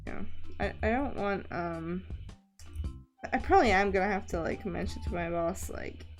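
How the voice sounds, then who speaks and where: A woman's voice: mid-range voice, normal speed. A young woman streamer chatting casually during a drawing stream, rambling, laughing often and swearing now and then. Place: home streaming setup. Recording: faint background music.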